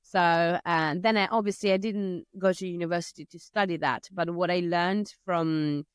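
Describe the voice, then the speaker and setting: A woman with an Italian accent, a language teacher, chatting in an interview and telling stories lively, acting out her children's voices. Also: on the low side, normal speed, clean tone, no echo, studio quality. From Italy. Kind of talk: casual conversation.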